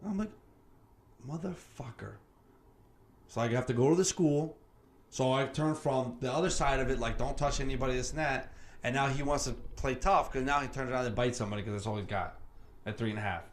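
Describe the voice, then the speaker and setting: A man hosting a podcast, telling stories in a casual, animated chat, cursing freely and acting out what others said. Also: mid-range voice, fairly quick. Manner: animated storyteller, swears freely, acts out quoted voices. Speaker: podcast host. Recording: roomy sound with faint background noise.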